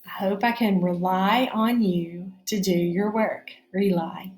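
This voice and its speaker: A woman's voice: mid-range voice, measured pace, darkish tone, reverberant. A woman teaching a phonics spelling lesson, explaining each step patiently.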